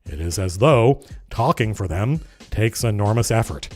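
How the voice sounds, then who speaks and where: A man hosting a casual livestream, reading old game zines aloud and breaking off into rambling, animated comments. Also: fairly low pitch, normal speed, faint music behind. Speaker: livestream host.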